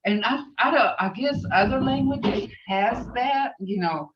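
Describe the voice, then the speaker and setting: A woman's voice: on the high side, a little slow, recorded from a distance, lo-fi sound, background noise. A woman teaching a language class online, rambling with many fillers and repeating phrases.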